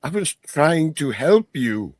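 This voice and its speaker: A man's voice: a little high, sing-song, slow, no echo, voice pushed up. A man voicing a frail, sad old man who has just been brought back to life, speaking in a weak, plaintive voice. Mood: pleading. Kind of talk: tabletop role-play voice.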